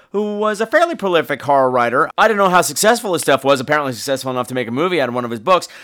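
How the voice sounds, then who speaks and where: A high, bright-voiced man recapping a horror film in a campy, gossipy way. His pitch leaps all over the place as he jumps into the characters' voices. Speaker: podcast host. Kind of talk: animated movie recap.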